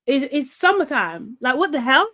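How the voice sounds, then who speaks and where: A woman's voice: high-pitched, sing-song, normal speed, pushed and bright. A young woman hosting a live show, chatting casually, reading out chat comments, laughing often and swearing freely.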